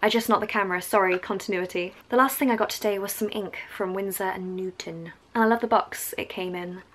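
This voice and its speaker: A young English art vlogger with a strong Essex accent chats bubbly and enthusiastically at home, drifting off on tangents in casual vlog talk. Her mid-range voice is a little fast and a bit bright, and the audio quality is poor.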